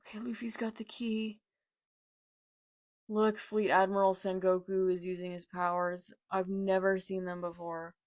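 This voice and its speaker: A woman reading a manga live and reacting, excitable and gushing, with gasps and exclamations, reading character lines aloud plainly. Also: medium pitch, measured pace, no room sound, clean studio sound. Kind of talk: live read-along reaction.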